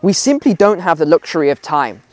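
A man's voice: a little high, big pitch swings, a little fast, dry recording. A man talking outdoors on a walk, giving emphatic opinions and repeating phrases for stress. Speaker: video commentator. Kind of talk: casual opinion vlog while walking.

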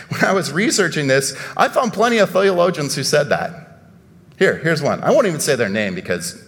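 A man with a high-pitched voice preaches to his congregation. He talks animatedly, with emphatic outbursts and rhetorical questions. His voice rings out with a long reverb, as in a large hall. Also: big pitch swings, a little fast, a bit bright. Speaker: pastor. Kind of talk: sermon.

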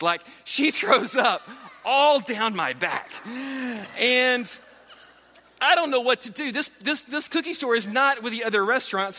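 A man, likely in his thirties, preaching with an animated, self-deprecating family story full of restarts. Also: sits high. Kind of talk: sermon storytelling. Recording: hall reverb.

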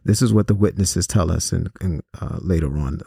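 A man with a low, gravelly voice and a dark, mellow tone tells a personal story to young listeners. He talks earnestly and at a measured pace, often pausing on small fillers. The sound is dry and close, with no room around it. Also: no room sound. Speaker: host and speaker on violence prevention. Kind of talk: personal storytelling talk to students.

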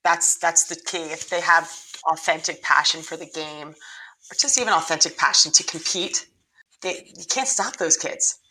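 A woman's voice: deep voice, normal speed, sharp tone, slightly rough, low-quality recording. A middle-aged woman, a lacrosse coach, telling her story earnestly in a podcast interview, with frequent restarts.

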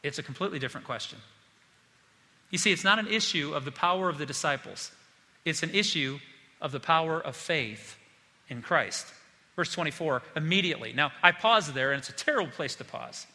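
Guy preaching a sermon, real bright tone, big hall echo, gets worked up. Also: fairly high pitch, lively intonation, brisk. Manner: impassioned, acts out quoted voices. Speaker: pastor. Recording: long hall reverb.

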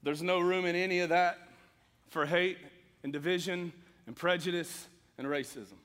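Man, high bright voice, earnest sermon, echoing church hall. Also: fairly even intonation, moderate pace. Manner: earnest preaching, rising to emphatic scripture reading. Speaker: pastor.

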